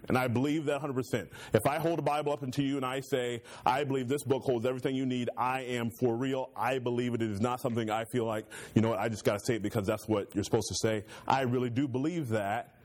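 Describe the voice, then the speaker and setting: A man's voice: mid-range voice, fairly even intonation, fast talker, hardly any pauses. A male pastor teaching a church Bible class in a conversational, joking way, using homey stories to make his points.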